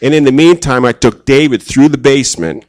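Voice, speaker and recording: A man's voice: mid-range voice, brisk, darkish tone. A man at a church talk with an ordinary mid-range voice, chatting rather than preaching. He tells homely stories in a self-deprecating way and briefly mimics the people in them. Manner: casual, self-deprecating, acts out quoted voices. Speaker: church speaker. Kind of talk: conversational sermon with personal stories.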